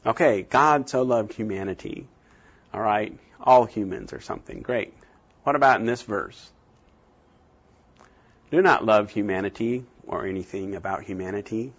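A man giving a classroom lecture on translation, animated, often acting out little scenes with sudden jumps in pitch. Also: normal speed, pauses often, slightly rough, lo-fi sound. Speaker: teacher.

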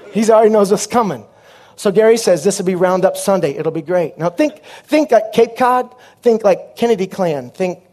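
High-voiced animated comic preacher, man. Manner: animated, punchy storyteller with comic asides. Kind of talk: comic sermon storytelling.

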